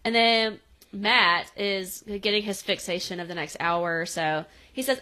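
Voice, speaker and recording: A woman's voice: mid-range voice, normal speed, sharp tone. A woman co-hosting a podcast, casually retelling a TV episode scene by scene and acting out the characters' lines with laughs. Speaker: podcast co-host. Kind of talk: casual recap chat.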